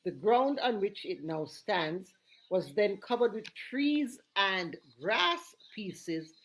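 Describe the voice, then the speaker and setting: A woman's voice: mid-range voice, big pitch swings, slow pace. A woman speaking in Jamaican Patois, reciting a rhythmic dub poem in a chanting, playful way. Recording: roomy recording with loud music. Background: music.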